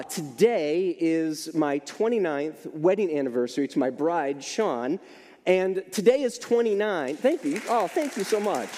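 A middle-aged pastor delivers a sermon in a relaxed, joking way, dropping frequent asides. His voice sits fairly high but sounds warm and mellow. It rings out with the long reverb of a large church hall. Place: church sanctuary.

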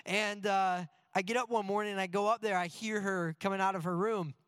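A man's voice: high-pitched, a little fast, clean tone, no echo, clean studio sound. A man in his thirties preaching a sermon as pastor, telling stories and asking rhetorical questions with plenty of energy. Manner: lively storytelling with rhetorical questions.

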